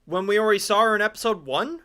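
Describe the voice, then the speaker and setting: A man's voice: high voice, fast, sharp tone, slight background noise. A man giving sarcastic, incredulous commentary over a game and swearing often.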